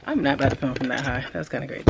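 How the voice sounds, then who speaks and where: A young woman with a gravelly bass voice vlogs casually to a camera propped up nearby at home, talking rapid-fire. She comes across as chatty, scattered and apologetic, and the home recording is noisy.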